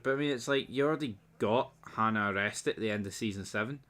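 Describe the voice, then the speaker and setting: A man's voice: on the low side, quick pace, fairly bright tone. A man giving a casual episode recap and review, blunt, sarcastic and sweary.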